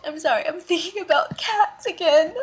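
An actress playing a nervous woman recording a dating video who keeps crying over her love of cats, with a hesitant, halting delivery. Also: very high voice, poor audio. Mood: tearful. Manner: nervous, hesitant, breaks into sobbing. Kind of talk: comedy sketch video.

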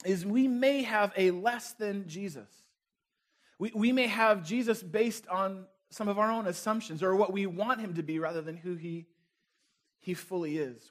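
A man preaching a sermon as a pastor, talking with the congregation in a conversational, playful way and asking them questions. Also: sits high.

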